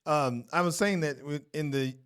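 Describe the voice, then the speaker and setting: A man's voice: on the high side, normal speed, a bit bright, clean tone. An American man co-hosting a video reaction in easygoing casual chat.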